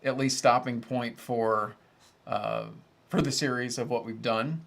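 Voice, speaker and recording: A man's voice: mid-range voice, fairly even intonation, a little slow, creaky, fairly bright tone. Casting: thirties male host, easygoing livestream chatter, rambling and self-mocking. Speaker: host of an audio gear channel. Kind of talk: casual livestream chat.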